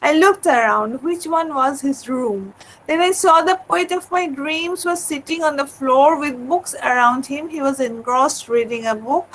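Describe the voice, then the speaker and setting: A woman with a high, light voice reads her own memoir aloud over a video call. She is earnest and often stumbles and restarts her words. A faint hiss of noise sits under her voice. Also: a little slow, fairly bright tone, rough recording. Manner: earnest, with frequent hesitations and restarts. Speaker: poet. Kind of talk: reading a personal memoir aloud in a webinar.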